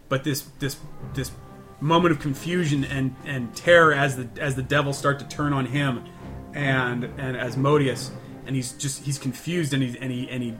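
A man's voice: medium pitch, a bit bright. A man playing a tabletop game, narrating his character's actions with many stammers and restarts. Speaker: player.

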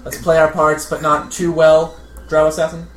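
A man playing a calm, diplomatic male adventurer at a tabletop game, speaking deliberately. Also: fairly high pitch, lightly acted. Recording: roomy room with background noise.

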